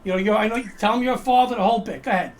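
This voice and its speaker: A man with a very high voice hosts a casual talk show, chatting quickly and teasing his guest. He rambles between jokes and points over a video call, with a faint hum in the background. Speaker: host. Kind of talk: casual political chat show.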